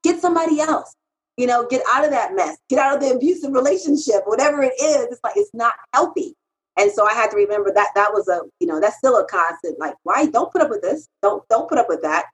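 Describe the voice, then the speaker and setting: A woman's voice: fast talker, low-quality recording. A middle-aged woman, a freelance copywriter, telling stories in an interview in a candid, emphatic way. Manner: animated, emphatic, pitch jumps when quoting herself.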